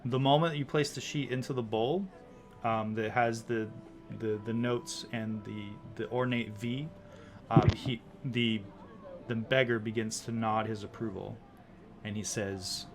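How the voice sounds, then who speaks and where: Man as game master, loose descriptive narration, soft music underneath. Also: fairly low pitch, steady tone, unhurried. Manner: descriptive, with many likes and ums. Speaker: dungeon master.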